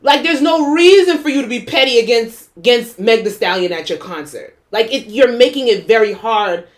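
A woman's voice: fairly high pitch, expressive, normal speed. Blunt, opinionated young woman co-host. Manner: blunt, opinionated, swears freely. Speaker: podcast co-host. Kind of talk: casual chat.

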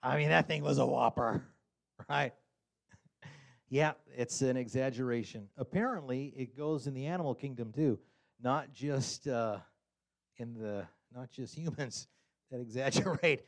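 A man's creaky voice moves a little slowly through a casual, funny sermon. He stays animated, chuckles frequently, and acts out quotes with sudden jumps to a high pitch.

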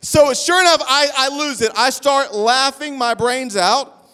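A man preaching a sermon, telling a funny, self-deprecating story in an animated way. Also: extremely high pitch, unhurried, clear, resonant tone. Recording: long hall reverb.

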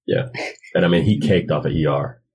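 Husky-voiced man, joking co-host. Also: rumbling low, very animated, brisk, a little mellow. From New Jersey. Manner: joking, opinionated. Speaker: podcast co-host. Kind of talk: casual chat.

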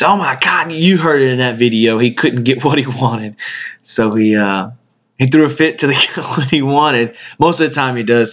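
A man hosting a podcast, speaking a casual tribute monologue in a halting way, often repeating his words. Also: medium pitch, a bit bright. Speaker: podcast host. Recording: dull lo-fi sound.

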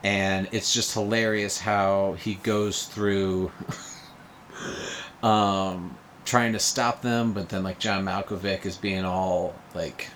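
A young man with a fairly low voice talks loosely and at length in an easygoing chat, leaning on fillers and breaking into laughs. A faint hum of room ambience sits under him. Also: flat delivery, slow, fairly bright tone. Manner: rambling, lots of filler "like", laughs often. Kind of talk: casual podcast chat about movies.

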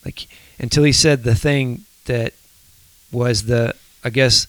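A man co-hosting a faith podcast, speaking in a soft, reflective, halting way. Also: medium pitch, steady tone, dry recording. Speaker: podcast co-host.

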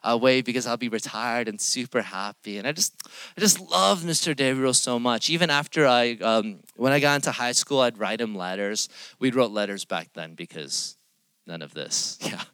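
A young man preaching a sermon, telling a personal story with animated swings between loud lines and hushed whispers. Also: medium pitch, normal speed, smooth, no echo. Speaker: pastor.

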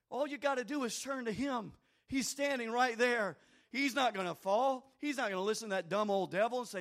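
A high-voiced man preaches a fervent sermon. He talks right at his listeners in a folksy way. He rises to loud, fervent peaks and then drops to quiet, confessional asides. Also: a little fast. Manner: swings between shouted fervor and quiet confessional asides; addresses listeners directly, folksy.

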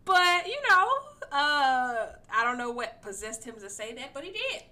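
A woman hosting a sports podcast, talking in a casual, slangy way. Her fairly high voice is bright and lively, and it swings up and down as she reacts with playful disbelief. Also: normal speed. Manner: animated, slangy, playfully incredulous. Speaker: podcast host.

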